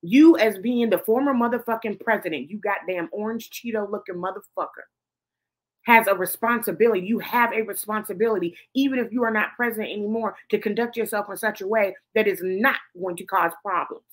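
A woman's voice: mid-range voice, a little fast. A woman hosting a commentary show, ranting heatedly and swearing emphatically. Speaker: host.

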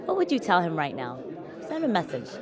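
A woman's voice: lowish voice, wildly swooping pitch, brisk. Chatty woman reporter at a busy event. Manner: chatty and effusive. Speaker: interviewer, sports reporter. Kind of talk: on-camera interview hosting. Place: outdoors at a press event. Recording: outdoor event with clear crowd noise. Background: crowd chatter.

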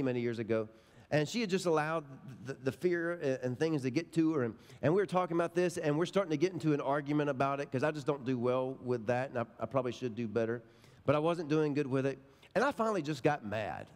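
A middle-aged male pastor preaching a sermon, telling stories in an emphatic, folksy way. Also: sits high. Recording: long reverb of a large hall.

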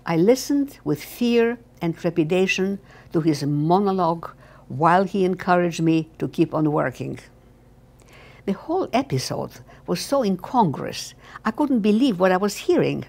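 An older woman reads aloud from her own memoir in an earnest, heartfelt way. Her voice sits on the lower side and has a gravelly, creaky texture. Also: expressive, measured pace, darkish tone. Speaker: memoir author.

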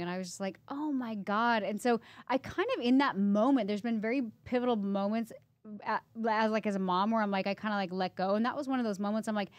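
Woman podcast co-host, thirties, high-ish voice, chatty and emotional, dry close sound. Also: brisk, no echo. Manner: chatty, filler-heavy, emotional storytelling. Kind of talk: casual conversation.

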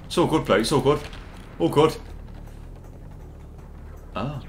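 A young man co-hosting a game playthrough, chatting excitedly and swearing as he plays. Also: fairly high pitch, slow pace, a little hiss or hum. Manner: excitable, swears and laughs often. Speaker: gaming video co-host. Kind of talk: casual gameplay banter.

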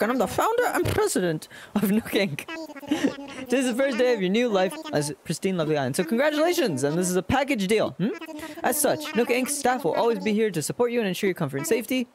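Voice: mid-range voice, pitched above the performer's own voice, close to an everyday voice. A streamer doing Tom Nook, a chirpy raccoon businessman. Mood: welcoming. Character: cheerful raccoon businessman welcoming island settlers. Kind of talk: reading game dialogue aloud.

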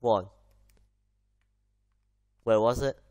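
A man's voice: medium pitch, drawn-out words, darkish tone. A man, hosting a gaming video and rambling through an anecdote in casual chat. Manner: rambling anecdote full of fillers and restarts. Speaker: gaming channel host.

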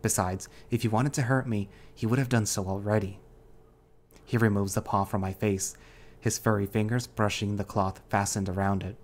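A man reads a first-person audio story with a steady, measured delivery. His voice sits on the low side. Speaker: narrator.

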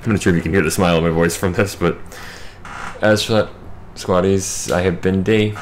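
A man's voice: low voice, fairly even intonation, fairly quick, a little hiss or hum. A man hosting a gaming video, talking through his game in a casual, wry running commentary.

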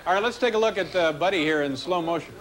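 A man's voice: high voice, fast, background noise. A man hosting a late-night talk show, joking and teasing his guests with a dry, mock-apologetic manner. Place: television studio stage. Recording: TV studio with loud audience laughter. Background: loud studio audience laughing.

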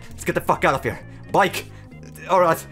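A man giving gameplay commentary. He swears a lot, gets excited fast and yells when things go wrong. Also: on the high side, faint music behind. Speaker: gaming YouTuber.

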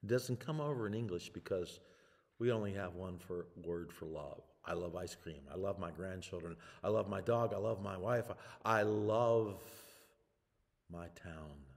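An older man preaching a sermon in a slow, dramatic way, with long pauses and swings between loud and hushed. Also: sits low, in a large hall. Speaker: pastor. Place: church sanctuary.

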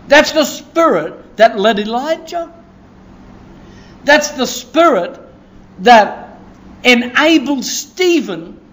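A man preaching a sermon in a church, excitable and conversational, often asking "Hey?" and laughing. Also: very high voice. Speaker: pastor.

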